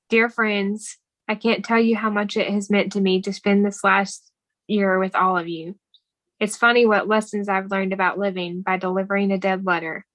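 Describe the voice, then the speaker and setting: A woman with a mid-range voice co-hosts a podcast, chatting casually as she recaps a movie and reading quoted lines from it in a warm, earnest tone. The recording is low quality and has no room sound.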